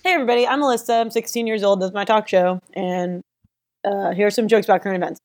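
A woman's voice: mid-range voice, steady tone, fast talker, darkish tone, close to an everyday voice. A woman playing an eager, awkward sixteen-year-old girl hosting a comedy talk podcast. She giggles, rambles and gets flustered, without a proper microphone. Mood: giggly. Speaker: host.

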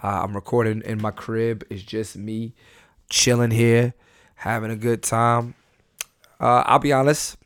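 A man hosting a casual solo podcast from home, high on weed, loose and rambling, laughing and cursing as he talks. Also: little pitch movement, unhurried, clean tone, no room sound, clean studio sound. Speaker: podcast host.

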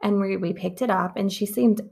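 Woman, podcast co-host, casual rambling chat, gravelly vocal fry, fillers everywhere. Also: medium pitch, fairly even intonation, moderate pace, a little mellow. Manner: chatty, rambling with lots of "like".

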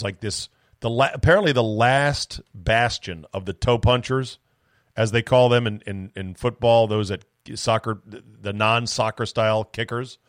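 A man hosting a solo sports podcast, talking in a rambling, animated way with profane, self-mocking asides. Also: on the low side, dry recording, studio quality. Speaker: sports talk podcast host.

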